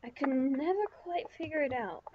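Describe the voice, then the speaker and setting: A woman's voice: high voice, expressive, moderate pace, lo-fi sound, background noise. A woman giving chatty, rambling let's-play commentary, talking to herself with lots of fillers. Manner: rambling, chatty self-talk with many fillers. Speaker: gaming channel host.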